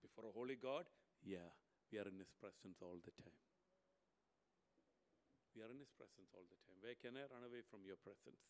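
A man preaching a sermon, animated, swinging between loud emphatic lines and hushed, quiet ones. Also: on the low side, brisk, long pauses.

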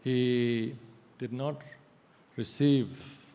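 A male pastor giving a sermon, emphatic and halting, with frequent hesitations. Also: mid-range voice, fairly even intonation, dark tone. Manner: emphatic preaching with many hesitations. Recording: long reverb of a hall.

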